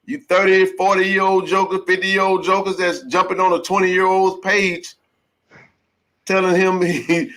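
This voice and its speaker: A man's voice: sits high, normal speed, a bit bright. A man hosting a call-in sports podcast, talking emphatically and preachily, dropping "bro" and "man" often. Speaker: podcast host. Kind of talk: casual call-in chat.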